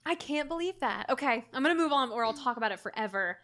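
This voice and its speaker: Young woman, bit higher voice, casual animated film chat, lots of "like". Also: fast talker. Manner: animated, swearing, heavy use of "like", jumps into excited shrieks. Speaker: podcast co-host discussing a film.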